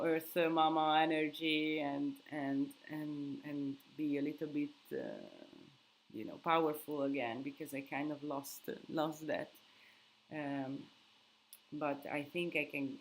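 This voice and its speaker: A young, sleep-deprived woman runs a casual live Q&A, thinking aloud and searching for words as she answers viewers' questions. She has a deep voice, and the low-quality recording carries a little hiss or hum.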